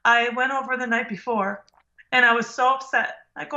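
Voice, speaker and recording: A middle-aged woman tells a personal story as a podcast guest. She acts out what people said and restarts her sentences as she goes. Her voice is bright and forceful, and the recording sounds dull and lo-fi. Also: on the high side. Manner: animated, acts out quoted dialogue, halting restarts.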